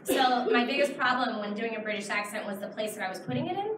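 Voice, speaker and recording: At an audience Q and A in a big, echoey convention hall, a Texan woman speaks as a panel guest. Her voice is a little high, expressive and fast, and she explains things chattily with lots of fillers. A camera far off in the audience catches her amid background noise.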